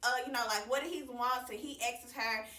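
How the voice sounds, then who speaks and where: A woman's voice: on the high side, moderate pace, pushed and bright, roomy sound, recorded from a distance. A woman recapping a TV episode in casual, slangy chat, calling her viewers y'all and swearing freely. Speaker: TV recap reviewer.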